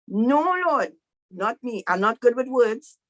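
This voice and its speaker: Lady doing a nervous guy, stammering and squeaky, all "me? no way". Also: lively intonation, slow, fairly bright tone, exaggerated voice. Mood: pleading. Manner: stammering, incredulous protest. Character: flustered, timid man pleading he can't speak.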